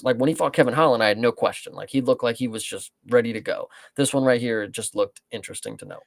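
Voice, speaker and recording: A man with a gravelly, fry-edged voice talks fight sports in a loose, rambling way, dropping swear words freely. He sounds close and dry, with no room around him. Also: medium pitch, fast, hardly any pauses, no room sound. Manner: blunt, profane, rambling. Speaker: podcast co-host. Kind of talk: casual sports chat.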